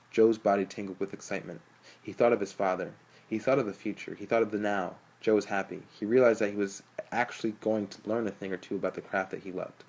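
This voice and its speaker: A man reads a novel aloud in a steady, storytelling manner. His voice sits low and calm throughout the narration. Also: quick pace, low-quality recording. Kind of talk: audiobook narration.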